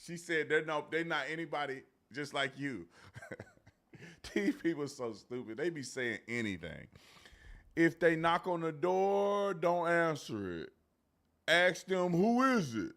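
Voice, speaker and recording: Mocking, slangy male show host. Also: on the high side. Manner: mocking, slangy, swings between loud outbursts and muttering asides. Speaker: host of a live commentary show. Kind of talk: live political commentary.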